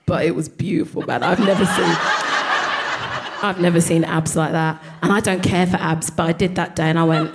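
A young woman telling a lively, profane dating story on stage, laughing as she goes. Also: lowish voice, normal speed, noisy background. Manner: animated, laughing, swearing. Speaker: comedian. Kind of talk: stand-up storytelling. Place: live comedy venue.

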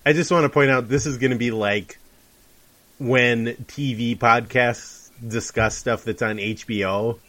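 A man's voice: medium pitch, steady tone, measured pace, fairly bright tone. A man co-hosting a casual sports podcast, talking in a wry, rambling, joking way. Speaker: podcast co-host.

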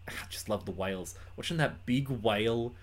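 A man's voice: on the low side, normal speed. A man chatting casually on a podcast, laid-back, with loose swearing.

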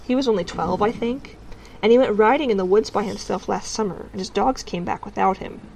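A woman's voice: medium pitch, brisk, creaky, darkish tone, a little hiss or hum, close to an everyday voice, poor audio. Woman reading as an earnest young girl.

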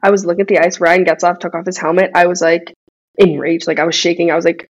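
A woman's voice: fairly low pitch, quick pace, highs cut off. A young woman guesting on a podcast, telling stories animatedly with lots of fillers in casual chat. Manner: animated storyteller, many fillers.

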